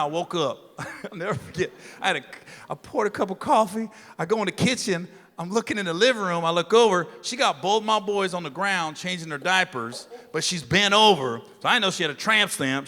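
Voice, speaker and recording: A middle-aged man performing a profane, swaggering stand-up comedy set, acting out shouted quotes, on stage with a handheld mic. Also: sits high, long reverb tail. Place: comedy stage before a live audience. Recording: live room with crowd laughter and noise.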